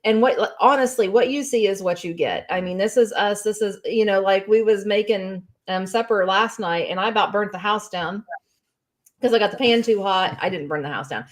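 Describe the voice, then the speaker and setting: A woman's voice: medium pitch, moderate pace. A woman chatting casually, telling stories with many fillers. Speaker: co-host. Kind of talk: casual chat.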